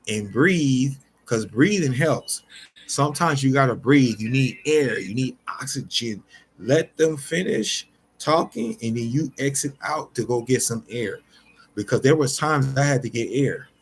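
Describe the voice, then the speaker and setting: A man of medium pitch gives an unscripted motivational talk straight to his viewers, calling them y'all. He is earnest and repeats himself, often breaking off and restarting sentences. Faint ambient noise sits behind his voice. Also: vocal fry. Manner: earnest, repetitive, many restarts; addresses listeners directly as y'all. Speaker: motivational vlogger.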